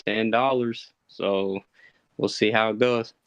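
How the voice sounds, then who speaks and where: A man chatting casually about a quick trade on a live stream call, laid-back and mumbling. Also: fairly low pitch, steady tone, clean tone, no room sound, muffled recording.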